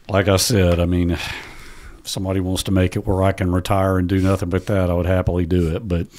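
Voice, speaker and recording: A middle-aged man, a guest on a podcast, telling stories in a halting way with frequent restarts and fillers. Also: sits low. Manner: halting, restarts often, then quotes his father in a raised animated voice. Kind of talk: conversational storytelling.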